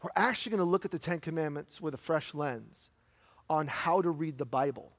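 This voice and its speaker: A middle-aged man preaching a sermon in a church, conversational, asking rhetorical questions and slowing down for emphasis. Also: fairly high pitch. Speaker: pastor. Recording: long hall reverb.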